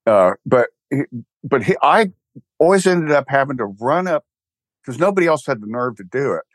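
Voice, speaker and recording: A man's voice: mid-range voice, very animated, moderate pace, no room sound. An older man with a Texan accent, rambling wryly in a casual interview chat, full of restarts and fillers. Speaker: guest, church co-founder.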